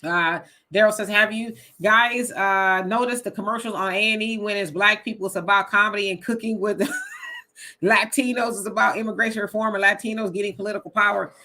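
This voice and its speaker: A woman hosting a casual live stream, reading viewer comments aloud, animated and laughing often. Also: medium pitch, fairly quick, few pauses. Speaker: host reading live chat.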